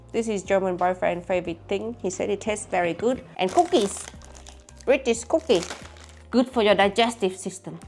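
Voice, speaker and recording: Young woman, giggly chatty food vlog, bit of soft music behind. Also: medium pitch. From Vietnam. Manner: giggly, chatty, non-native phrasing. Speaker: vlogger. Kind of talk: casual food-tasting vlog.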